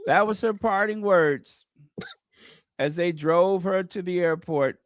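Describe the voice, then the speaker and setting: A man's voice: high voice, slow pace, no room sound, studio quality. Man gossiping with mocking impressions. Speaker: co-host. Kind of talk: casual gossip chat.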